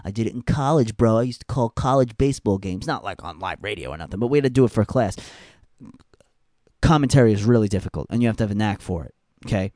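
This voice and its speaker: A young man rants bluntly on his podcast, swearing freely and hammering points by repeating them. His pitch swings widely and with animation. The recording is dry and close, with no room sound. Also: animated, fast, warm tone, dry recording. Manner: blunt, profane, emphatic repetition. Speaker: podcast host. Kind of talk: casual ranting commentary.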